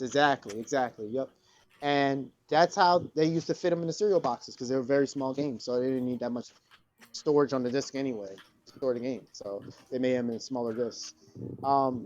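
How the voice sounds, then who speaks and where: A man's voice: mid-range voice, dull audio. A man co-hosting a podcast in casual chat, rambling and profane. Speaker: podcast co-host.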